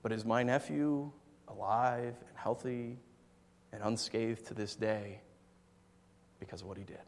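A man preaching a sermon, swinging from soft, low asides to loud, emphatic passages and telling stories in a conversational way. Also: steady tone, measured pace, slight background noise. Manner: conversational storytelling with fillers. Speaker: pastor. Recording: long hall reverb.

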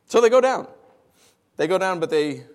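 A man with a slightly high voice teaches from the Bible, mixing scripture reading with lively, conversational explanation. He speaks in an animated way, with everyday asides. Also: moderate pace. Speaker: preacher.

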